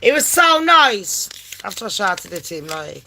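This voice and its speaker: A woman in her late thirties from England, telling a story in a brash, sweary and animated way and acting out phone calls in voices. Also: medium pitch, measured pace, a little hiss or hum. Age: late 30s. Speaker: vlogger. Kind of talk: casual storytelling rant.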